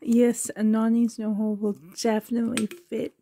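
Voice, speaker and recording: A woman's voice: a little high, flat delivery, moderate pace, hardly any pauses, mellow, a little hiss or hum. A woman opening a package on her vlog, gasping with delight, dropping into whispers, emotional and close to tears. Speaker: reborn doll collector, channel host. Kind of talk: excited unboxing vlog.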